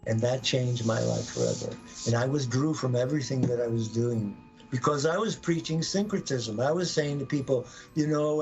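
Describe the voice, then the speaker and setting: A man telling an intense personal story on a live podcast, acting out his own words and the words of others with sudden jumps in pitch. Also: muffled recording, slight background noise. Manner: animated, acts out quoted voices with sudden pitch jumps.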